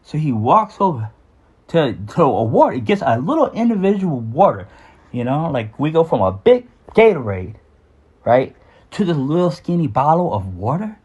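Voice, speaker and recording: A man's voice: a little high, sing-song, moderate pace, a little mellow, breathy edge, lo-fi sound. A man telling a candid personal story about his childhood, with frequent restarts and some swearing.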